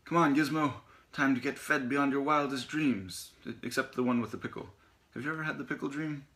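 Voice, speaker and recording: Eager young basement-dwelling boy, rambling and playful, gravelly bright tone, read by a man. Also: mid-range voice, steady tone, rapid-fire, voice pushed up, lightly acted.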